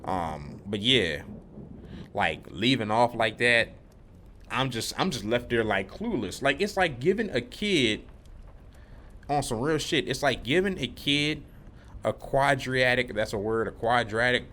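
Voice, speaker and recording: A man's voice: medium pitch, expressive, measured pace, sharp tone. A young man vlogging, telling a rambling, laid-back story about work, full of slang. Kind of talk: casual rambling monologue.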